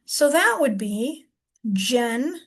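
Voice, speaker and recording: In a demonstration lesson, a woman who teaches reading thinks out loud while breaking a long word into syllables and sounding each one out. She speaks at a measured pace with a fairly high voice.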